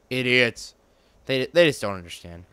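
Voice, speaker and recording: A man's voice: on the low side, vocal fry, pushed and bright, no echo. A man giving casual, playful commentary while playing a video game, joking around and making up silly stories as he goes. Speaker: let's play gamer.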